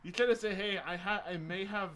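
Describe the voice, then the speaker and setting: A man co-hosting a podcast, chatting casually and teasing his friend with deadpan jokes. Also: high voice, a little fast. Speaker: podcast co-host. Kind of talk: casual chat.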